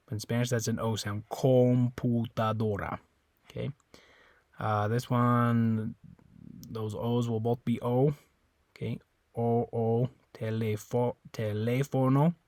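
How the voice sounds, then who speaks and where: A man teaching in a casual, informal way, repeating words slowly and often correcting himself. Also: medium pitch, a little mellow, no room sound. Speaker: Spanish teacher. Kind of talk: informal classroom explanation.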